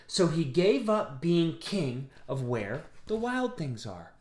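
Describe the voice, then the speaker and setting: A man reading a picture book aloud, gently pausing to ask his listeners questions. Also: on the high side, big pitch swings. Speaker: storybook reader. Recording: roomy echo.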